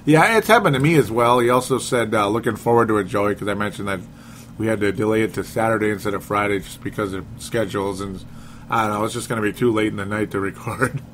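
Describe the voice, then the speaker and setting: A man's voice: lowish voice, fast talker, fairly bright tone, slight background noise. Chatty man hosting a sports podcast. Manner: reads listener comments aloud, laughs often. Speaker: podcast host. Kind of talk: casual sports chat.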